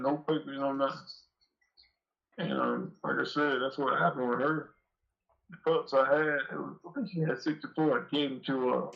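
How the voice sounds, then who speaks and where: A man as an interview guest, telling long, rambling, profane stories in rough street talk. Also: mid-range voice. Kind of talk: casual storytelling interview. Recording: dull lo-fi audio.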